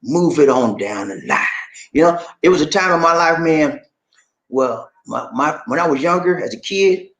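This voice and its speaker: Lively American man vlogging in an echoey room. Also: a little high, moderate pace. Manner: animated, laughing, drawling, repeats "man". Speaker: vlogger host reading viewer comments. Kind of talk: casual chat.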